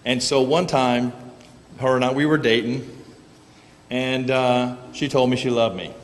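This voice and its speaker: A man's voice: medium pitch, steady tone, measured pace, long reverb tail. A man preaching a casual sermon in a church sanctuary, telling folksy stories with joking asides. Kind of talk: conversational sermon.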